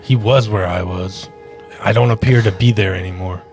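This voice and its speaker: A man playing a tabletop game, speaking in a measured, deliberate way. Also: fairly low pitch, a little mellow, soft background music. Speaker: player. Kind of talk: casual tabletop play.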